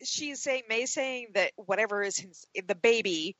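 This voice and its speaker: A woman co-hosting a podcast, recapping a film in relaxed conversation with lots of fillers. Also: on the high side, moderate pace, no room sound, dull audio. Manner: conversational, acts out quotes, many fillers. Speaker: podcast co-host. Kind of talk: casual movie recap chat.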